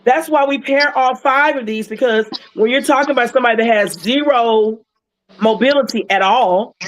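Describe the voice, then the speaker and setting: Woman, casual livestream storyteller, animated and heartfelt, soft noise floor. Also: on the high side, normal speed, poor audio. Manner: animated, emotional retelling with acted quotes. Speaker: wellness patch seller sharing a client story.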